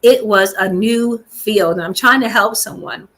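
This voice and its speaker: A woman's voice: mid-range voice, measured pace, a bit bright. A woman, hosting her own show and candidly telling a personal story at home, speaking straight to her listeners. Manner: chatty and candid, addresses listeners directly. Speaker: show host. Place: home room with balcony door open.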